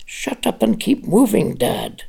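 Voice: medium pitch, big pitch swings, a little slow, vocal fry, warm tone, husky, heavily acted. A reader voicing a grown son who is brusque, urgent and impatient, as an audiobook character. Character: adult son, urgent, curt and protective.

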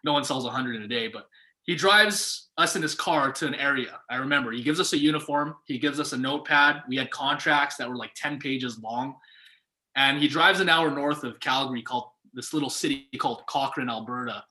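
A young man telling a story in casual conversation, lively and acting out what people said. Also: mid-range voice, brisk. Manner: animated, acts out quoted voices. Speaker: guest. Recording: echoey room.

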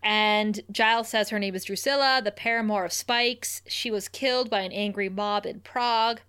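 A woman's voice: steady tone, normal speed, a bit bright, clean tone. A young woman co-hosting a casual recap podcast, laughing often and acting out quotes. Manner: laughs often, acts out quotes with raised pitch. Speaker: podcast co-host.

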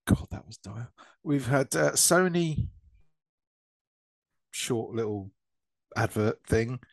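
An English man co-hosts a casual gaming podcast over a remote call mic, jokey and prone to swearing as they banter. His mid-range voice is gravelly with lively intonation and a slow pace. The recording is dry.

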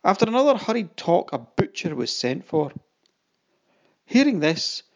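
An audiobook narrator giving a dramatic, expressive first-person reading and voicing the quoted lines. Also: medium pitch, normal speed, lo-fi sound.

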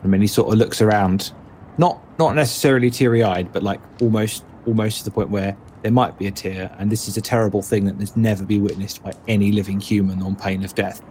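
A man's voice: fairly low pitch, steady tone, brisk, a little mellow, a little hiss or hum. A man narrating his character in a tabletop role-play, rambling and hedging with many restarts. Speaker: player.

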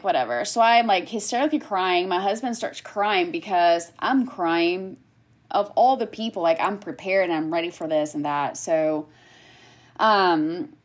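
A woman in her thirties talking casually about something that happened to her. She tells it with animation, jumping into quoted lines as she goes. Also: medium pitch. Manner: animated storyteller, acts out quotes. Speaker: guest sharing her story. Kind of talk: casual chat.

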